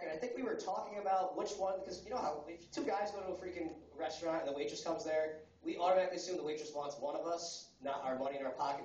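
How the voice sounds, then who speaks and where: A man in his twenties from the United States doing a stand-up comedy set at a coffee house, talking fast and crudely with rambling fillers. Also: fairly high pitch, a little mellow, a little hiss or hum. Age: 20s. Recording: roomy, distant, muffled live recording.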